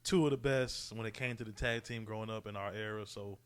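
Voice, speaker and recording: A man co-hosting a podcast, chatting about wrestling in relaxed slang, often asking "you know what I'm saying?". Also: lowish voice, fairly quick, clean tone. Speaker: podcast co-host. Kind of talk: casual wrestling predictions chat.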